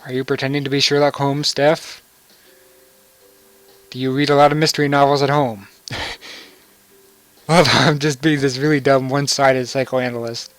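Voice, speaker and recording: A man's voice: medium pitch, little pitch movement, moderate pace, pauses often, fairly bright tone, no room sound. A young man giving casual, joking commentary over a video game and laughing often. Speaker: let's play commentator.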